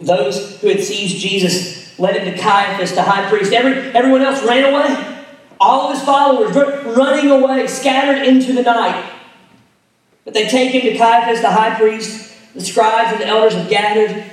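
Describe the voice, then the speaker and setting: A man preaching a sermon, retelling a scripture story, dropping to hushed tones and rising to emphatic ones. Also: high voice, normal speed. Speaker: pastor. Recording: echoey hall, mic at a distance.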